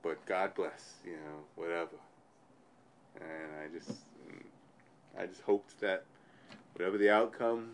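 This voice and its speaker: A man's voice: sits low, unhurried, long pauses, slight background noise. A man telling a personal story in an interview, rambling and often repeating and restarting his phrases.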